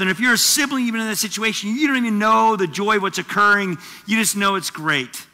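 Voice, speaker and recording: Pastor guy preaching, lively and chatty, really bright sharp voice, long church echo. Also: high voice, quick pace, hardly any pauses. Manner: animated, conversational preaching with asides. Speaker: teaching pastor. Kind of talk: sermon. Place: church auditorium.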